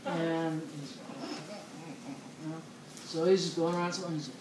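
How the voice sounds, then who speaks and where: A woman's voice: low-pitched, level tone, moderate pace, pauses often. A woman telling long rambling jokes on a show, laughing as she goes and losing her place. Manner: chatty, laughs mid-joke, loses her place. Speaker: joke-telling co-host. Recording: echoey room with clear noise.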